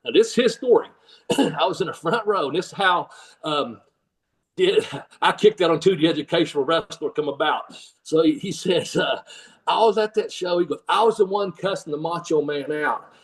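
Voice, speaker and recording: An older man with a drawl spins a long, rambling story in a relaxed interview. His voice sits a bit high for a man, and he keeps breaking into laughter as he acts out the fans he quotes. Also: moderate pace, far from the mic, poor audio. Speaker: guest, former pro wrestler and trainer.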